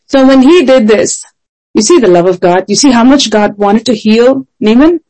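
Mellow-voiced woman preaching earnestly. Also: on the high side, poor audio. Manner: earnest, emphatic, with rhetorical questions. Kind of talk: sermon.

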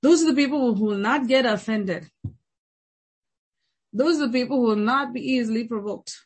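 A woman's voice: on the high side, normal speed, slightly rough, rough recording. A woman pastor preaching a sermon with emphatic repetition and rhetorical questions.

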